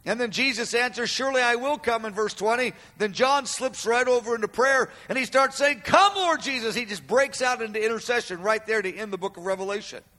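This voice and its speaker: A man preaching a sermon to a room, emphatic, repeating his phrases and stretching quoted cries out loud and slow. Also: high voice. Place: room with an audience. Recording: long hall reverb.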